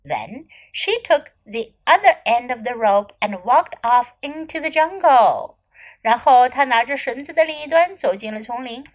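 A woman English teacher reading a children's story aloud, line by line, in a slow and clear storytelling manner. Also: fairly high pitch, lively intonation.

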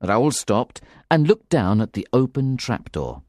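A man narrating a graded reader story in a slow, clear and expressive way. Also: medium pitch, no echo, clean studio sound. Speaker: audiobook narrator.

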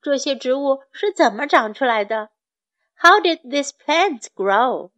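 High, slow woman reading to kids. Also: expressive, fairly bright tone, highs cut off. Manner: slow, clear, repeating phrases for learners. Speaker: storyteller and English tutor for children. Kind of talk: bilingual storybook reading for children.

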